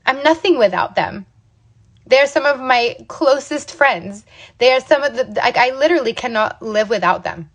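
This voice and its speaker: A woman's voice: high voice, expressive, normal speed. Emphatic woman telling her own story. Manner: emphatic, repeats "okay?" and "you guys". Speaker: business owner sharing her story. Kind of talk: casual motivational talk to camera.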